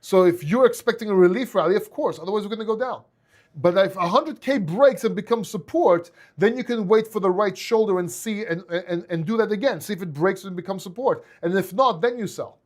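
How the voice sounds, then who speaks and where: A man's voice: sits high, a little fast. A man with a Greek accent, a crypto YouTuber talking casually and heartfelt to his viewers, often restarting his words.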